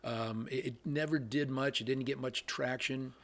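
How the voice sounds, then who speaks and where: An older man, a veteran cameraman, telling stories in an interview with lively sound effects and frequent restarts. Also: mid-range voice, normal speed. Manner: animated anecdotes with sound effects, many restarts. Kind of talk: storytelling interview.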